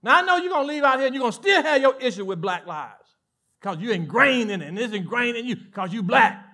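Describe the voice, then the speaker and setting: A male pastor with a Southern American accent preaching a sermon, animated, swinging from loud emphatic lines to hushed asides. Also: very high-pitched, fast talker.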